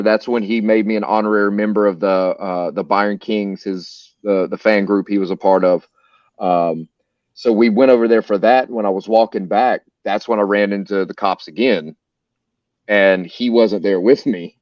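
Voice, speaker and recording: An American man hosts a stream and tells a long story in a casual way, full of swearing and filler words. His voice sits low. The audio is dull and dry, with no room sound. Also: fairly even intonation, normal speed, a little mellow, dry recording. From United States. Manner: profane, rambling anecdotes with many fillers. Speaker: stream host.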